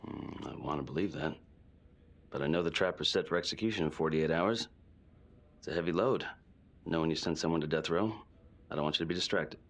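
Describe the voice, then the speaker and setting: A man's voice: very deep voice, a little fast, pauses often. An actor playing a stern but fatherly police captain in a video game.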